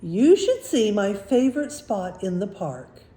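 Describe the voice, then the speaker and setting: A woman's voice: medium pitch, very animated, measured pace, mellow. A woman voicing a polite, nervous young schoolboy, reading a storybook aloud. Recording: roomy echo.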